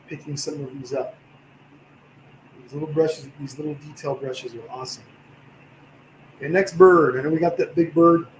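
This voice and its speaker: A man with a slightly tired voice, teaching a livestream painting class in a relaxed, encouraging way while he works. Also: a little high, echoey room, slight background noise, rough recording. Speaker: painting instructor.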